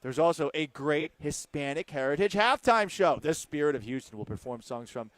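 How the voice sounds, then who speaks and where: A man's voice: on the high side, animated, normal speed, no echo. A man from Texas hosting sports talk radio, reading promos and taking listener questions in a playful, rambling, self-mocking way. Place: radio studio. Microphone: studio microphone.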